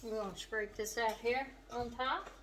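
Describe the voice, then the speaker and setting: A middle-aged woman with a western Kentucky accent, hosting a home cooking demonstration in her kitchen and chatting warmly to the viewer. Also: on the high side, steady tone, moderate pace, heavy background noise. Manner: homey and chatty, talking straight to the viewer. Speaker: cooking show host.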